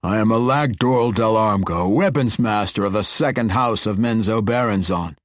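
A man voicing a proud, boastful male dark elf weapons master in an audiobook, with a haughty, proclaiming delivery. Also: lowish voice, normal speed, no room sound, clean studio sound, close to an everyday voice. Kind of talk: audiobook character voice.

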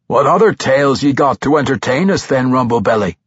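A man voicing a gruff, joking male dwarf warrior who talks in a folksy dialect. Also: mid-range voice, animated, a little fast, no room sound, lo-fi sound, pitched above the performer's own voice. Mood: teasing.

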